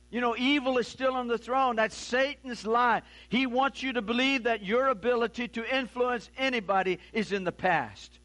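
A man's voice: very high voice, bright, forceful tone. An older man, a pastor, preaching a sermon with impassioned repetition and frequent restarts.

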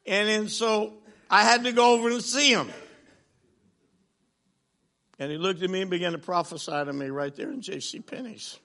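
A traveling minister in his sixties preaches a sermon, telling stories laced with jokes and swinging from loud to hushed. His high voice is gravelly, at normal speed with long pauses.

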